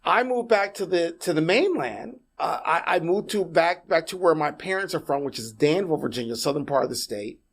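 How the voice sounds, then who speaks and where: A middle-aged man from Puerto Rico, a podcast guest, talking in a casual interview as an animated storyteller who often restarts and repeats words. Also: a little high, brisk, creaky, few pauses, slightly rough.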